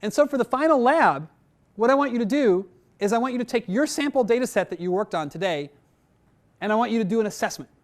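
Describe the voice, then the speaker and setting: A man's voice: very high voice, expressive, fast. A man teaching a technical class, talking conversationally with frequent "right?" checks and filler words, addressing his students directly. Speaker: instructor. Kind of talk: technical training lecture.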